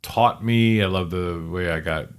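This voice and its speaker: Low-voiced rambling man co-host. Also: a little slow, clean tone. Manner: rambling, self-correcting, joking. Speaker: podcast co-host. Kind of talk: casual chat.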